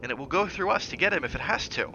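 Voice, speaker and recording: Guy reading a worried young wife, urgent and pleading, bright sharp tone, bit muffled. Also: medium pitch, expressive, a little fast, a little hiss or hum. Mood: anxious. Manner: urgent, rising when pleading, hushed when soft.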